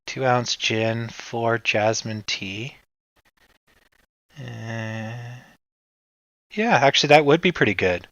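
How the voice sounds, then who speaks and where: Man, from Canada, livestream host, unhurried rambling chat, dry dull home recording. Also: mid-range voice, no room sound. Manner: relaxed rambling, reacts to chat.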